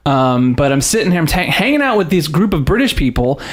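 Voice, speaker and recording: A man's voice: fairly high pitch, brisk. A man hosting a casual podcast chat, telling stories with lots of laughter and reading facts aloud. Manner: animated storyteller, laughs often, reads facts aloud. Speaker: podcast host.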